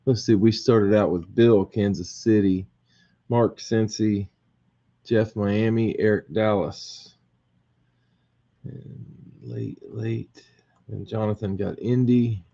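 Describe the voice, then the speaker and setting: A man's voice: on the low side, fairly even intonation, slow pace, vocal fry, warm tone. A man hosting a casual live draw, counting aloud and reading off names and teams, chuckling at his own slips. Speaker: host running a team draw. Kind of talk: casual live group break. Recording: muffled lo-fi audio with faint noise.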